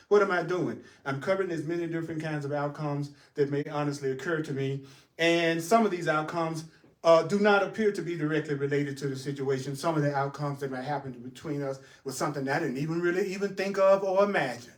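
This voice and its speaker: A man teaching a spiritual class in an animated way, asking rhetorical questions, answering them himself and chuckling often. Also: fairly high pitch, quick pace. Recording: roomy sound from a distant mic.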